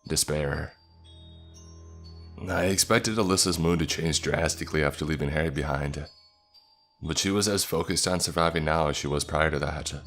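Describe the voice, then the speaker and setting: Very deep-voiced man narrating horror. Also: fairly bright tone. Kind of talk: scripted first-person horror narration.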